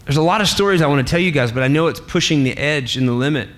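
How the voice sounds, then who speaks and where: A man who is a pastor, preaching a sermon in an animated, playful way and laughing often. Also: on the high side, very fast.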